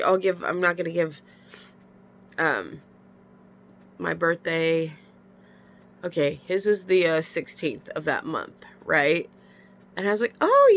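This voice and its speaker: A vlogger pours out her feelings frankly in a confessional video, full of sighs and with a nose stuffy from tears. She has a lowish voice that sounds pushed and bright.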